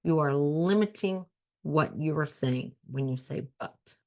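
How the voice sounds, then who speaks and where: A woman's voice: deep voice, unhurried, warm tone. Earnest woman life coach talking. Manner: earnest, conversational, repeats key phrases for emphasis. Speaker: life coach and show host. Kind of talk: solo talk show monologue.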